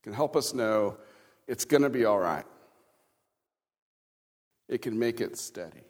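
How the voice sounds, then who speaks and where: A male pastor from Kansas speaks with medium pitch, lively intonation, a measured pace and a darkish tone. In the church sanctuary he preaches conversationally, with chuckling asides and questions to his congregation, recorded in a reverberant hall.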